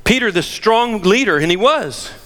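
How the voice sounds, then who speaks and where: An older man preaching a sermon, emphatic and animated, firing rhetorical questions at the congregation. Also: sits high, normal speed. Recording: long hall reverb.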